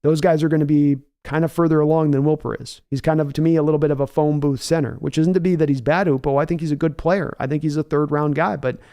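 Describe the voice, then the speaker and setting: A man's voice: a little high, mellow. A man hosting a casual live-stream sports show, reading viewer comments aloud and answering them in a conversational, folksy way. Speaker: podcast host reading chat.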